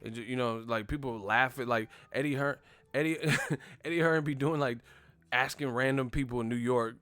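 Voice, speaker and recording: A man's voice: mid-range voice, moderate pace, no room sound. A young man hosting a boxing live stream, ranting casually and profanely and slipping into impressions of the people he talks about. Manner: animated, profane, mimics others mid-rant. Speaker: boxing show host.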